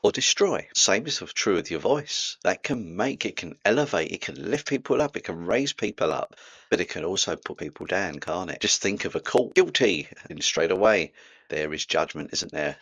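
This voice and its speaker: A man with a Cockney accent talks his thoughts through in a deep, low voice. He muses aloud and keeps asking his listeners to agree with him. The sound is close and dry, with no room echo. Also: a bit bright, slightly rough. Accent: Cockney London. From England. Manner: musing, full of tag questions and asides. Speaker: spiritual vlogger. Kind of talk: reflective spoken monologue.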